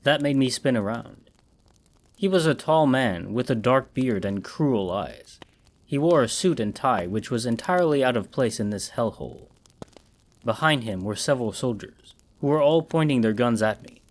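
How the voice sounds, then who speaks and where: A man narrates a horror story in a measured, dramatic way. His voice sits at an ordinary male pitch. He paces his lines with care to build dread. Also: expressive.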